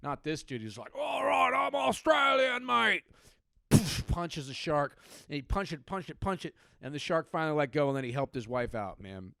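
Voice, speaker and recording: A man's voice: medium pitch, expressive, a little fast, clean tone, dry recording. Profane riffing male comedy podcaster. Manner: profane, riffing, puts on mock voices. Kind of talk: comedic news commentary podcast.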